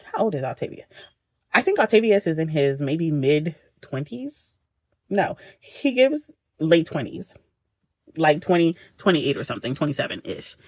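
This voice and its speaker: A woman's voice: deep voice, sing-song, normal speed, darkish tone, dry recording. A woman recapping a book for her vlog in a casual, dramatic way, peppering the story with slang asides, at home late at night. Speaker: book vlogger.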